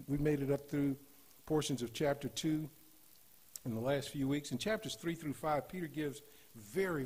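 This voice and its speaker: A man preaching a sermon in a church, rising to loud emphatic scripture reading and dropping to softer asides. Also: medium pitch, breathy edge. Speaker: guest preacher. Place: church sanctuary.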